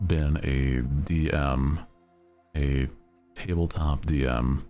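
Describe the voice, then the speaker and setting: A man's voice: a bass voice, gravelly, a little mellow. A man chatting casually on a live stream as its host, with a melodic, lilting delivery that rises at the ends of sentences.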